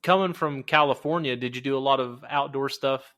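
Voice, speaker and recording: A man's voice: medium pitch, brisk, a bit bright. A man with a Southern Ohio accent hosting a podcast, chatty and friendly, laughing often. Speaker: podcast host. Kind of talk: casual podcast interview.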